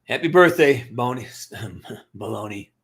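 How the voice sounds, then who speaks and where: A man's voice: mid-range voice, animated, a little slow, vocal fry. A middle-aged man hosting a livestream, ranting to his live chat in a blunt, profane, emphatic way and answering viewers' comments. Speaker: livestream host. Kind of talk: casual rant to live chat.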